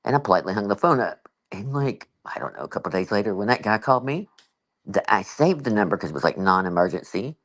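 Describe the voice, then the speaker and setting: Lively, expressive woman telling a story. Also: rumbling low, fast, rough recording. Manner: animated storytelling, acts out quoted exchanges; frequent "you know" fillers. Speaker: channel host. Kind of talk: casual livestream chat.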